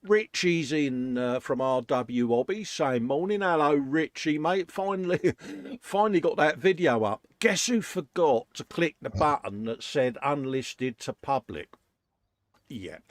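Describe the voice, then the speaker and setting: A man's voice: fairly high pitch, lively intonation, a little slow, dry recording. An English man hosting a casual live chat from his workshop, laughing often and calling everyone "mate". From England. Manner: chatty, laughs often, says "mate" a lot. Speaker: host.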